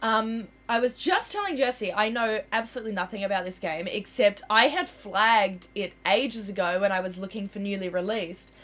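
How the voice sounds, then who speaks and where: A woman with an Australian accent hosting a casual game livestream, bubbly and chatty and quick to laugh. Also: mid-range voice, fairly bright tone. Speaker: livestream host. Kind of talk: casual game stream chat.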